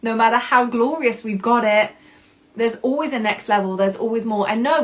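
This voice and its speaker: A woman hosting a personal self-help podcast, candid and expressive. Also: a little high. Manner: candid and expressive, swearing casually, acting out her own past reactions. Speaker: podcast host.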